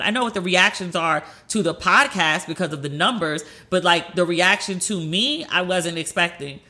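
Female podcast host, bright voice, animated and chatty, casual storytelling. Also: lowish voice. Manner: animated storytelling with frequent fillers and acted-out quotes. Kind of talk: casual chat.

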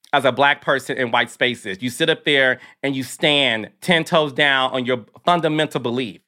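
A man's voice: on the high side, pushed and bright. Sassy emphatic man hosting a podcast. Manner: emphatic, sassy, says "child" a lot. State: emotional, near tears. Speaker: podcast host. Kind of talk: casual commentary monologue.

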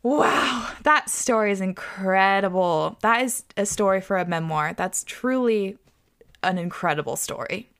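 A woman hosting a podcast, reading listener stories aloud in an expressive way, swearing and laughing often. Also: mid-range voice, measured pace, smooth. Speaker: podcast host.

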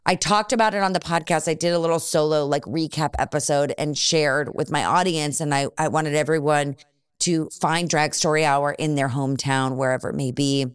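Effusive woman podcast host, smooth voice. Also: deep voice, fairly even intonation, a little fast, dry recording, studio quality. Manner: effusive, laughs often, swears casually. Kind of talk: casual interview chat.

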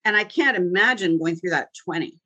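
A woman, a podcast guest who tells her story in a lively, jokey way and acts out the voices of the people in it. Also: lowish voice, brisk, breathy edge, dull audio. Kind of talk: animated storytelling chat.

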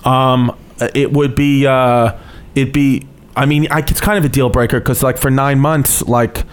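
A man's voice: mid-range voice, fairly even intonation, measured pace, clear, resonant tone. A man from Brooklyn in casual chat, telling loose stories with swearing and laughter.

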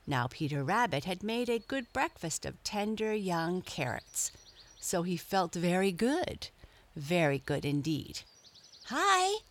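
Woman narrator, gentle storybook read, slow, slightly low pitch. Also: animated.

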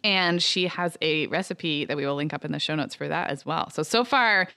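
A woman's voice: deep voice, normal speed, pushed and bright, clean tone, dry recording, studio quality. A woman in her thirties co-hosting a podcast, chatting casually and telling stories with frequent fillers. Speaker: podcast co-host. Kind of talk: casual chat.

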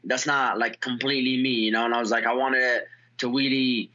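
A man's voice: mid-range voice, fairly quick, dull audio. A young man, a fighter and guest, telling stories in a casual interview with lots of fillers and restarts. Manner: excitable storyteller, many fillers and restarts.

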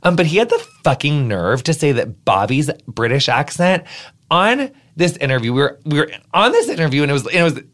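Animated man hosting a chatty podcast. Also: on the high side, brisk. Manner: animated, joking, self-dramatizing. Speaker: podcast host. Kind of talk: casual chat.

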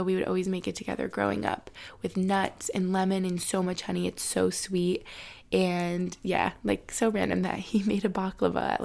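A young woman in her twenties speaks to her viewers in a loose, rambling way, with plenty of "like" and hushed asides. Her voice has a gravelly, creaky edge, and she sounds close to crying throughout. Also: medium pitch. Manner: tearful, heavy use of "like", soft breathy asides. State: near tears. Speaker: college student vlogger. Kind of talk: emotional personal storytelling.

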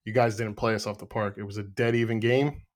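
A man's voice: lowish voice, fairly even intonation, quick pace. A man talks bluntly on a football podcast, arguing his point with sarcasm. He swears freely and sounds fed up with his team's performance. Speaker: podcast co-host, Arsenal fan. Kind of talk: heated casual football debate.

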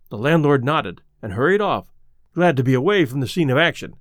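Expressive man narrating a ghost story. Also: mid-range voice, a little fast, no room sound, studio quality. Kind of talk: scripted narration.

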